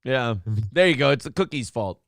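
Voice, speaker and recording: A man's voice: medium pitch, animated, normal speed, vocal fry, no room sound, studio quality. A man hosting a morning talk show, trading crude jokes and laughing often. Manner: laughs often, mocking, jokey. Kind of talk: crude comedic banter.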